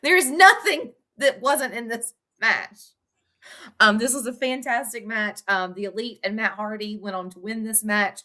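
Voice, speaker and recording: A woman co-hosting a casual podcast chat, talking easily and filling pauses with "um". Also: on the high side, pushed and bright. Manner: chatty, fillers before her picks. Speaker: podcast co-host.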